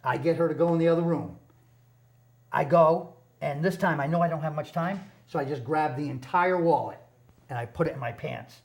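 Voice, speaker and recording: A man, a guest on a TV interview show, telling a personal story in an earnest, halting way, often repeating words. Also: fairly high pitch, creaky. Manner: earnest, passionate about recovery.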